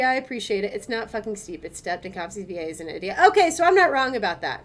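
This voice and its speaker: Streamer: young American woman, casual, chatty, laughs a lot, mid-pitched voice. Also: big pitch swings, fast talker, hardly any pauses. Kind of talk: casual gameplay commentary.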